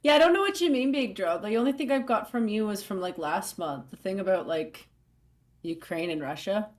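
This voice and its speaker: A woman co-hosting a live stream in a relaxed, unhurried way. She pauses, restarts and fills gaps with "uh" and "like" as she chats along. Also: mid-range voice. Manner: halting, filler-heavy, easygoing. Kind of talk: casual live-stream chat.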